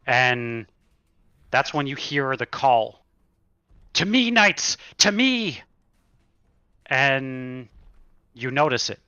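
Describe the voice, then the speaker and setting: Slow, bright-voiced male game master. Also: mid-range voice, no echo, muffled recording. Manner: slow dramatic narration with pauses. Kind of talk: narrating a tabletop horror campaign.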